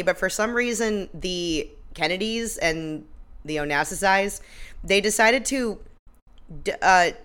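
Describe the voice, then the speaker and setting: A woman's voice: mid-range voice, fairly bright tone. A woman co-hosting a podcast, recapping a TV episode in sarcastic, swear-filled casual chat and laughing at herself. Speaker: podcast co-host. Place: Ireland.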